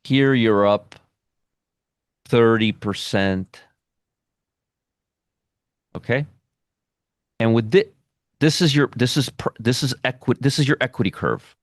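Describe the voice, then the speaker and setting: A man's voice: mid-range voice, slow pace, long pauses, no room sound, clean studio sound. A man teaching a trading lesson at a whiteboard, emphatic, repeating phrases and checking in with "okay?". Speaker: trading educator.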